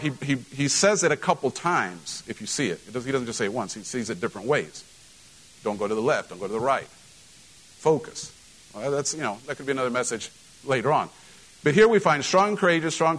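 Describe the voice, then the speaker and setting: A middle-aged male pastor preaching a sermon, animated, repeating phrases and asking rhetorical questions. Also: mid-range voice, low-quality recording.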